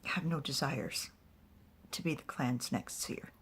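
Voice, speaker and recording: A woman voicing a dead female seer who speaks calmly and urgently in a dream, in a whispered role-play. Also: extremely low pitch, measured pace, a little hiss or hum. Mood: urging. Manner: calm and urging.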